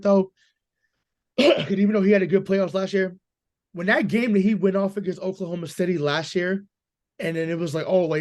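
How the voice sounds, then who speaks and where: Hoarse male sports-podcast co-host, slightly high voice, ranting hard with stammered restarts. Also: darkish tone. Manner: emphatic, profane, stammering repeats. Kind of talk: casual sports chat.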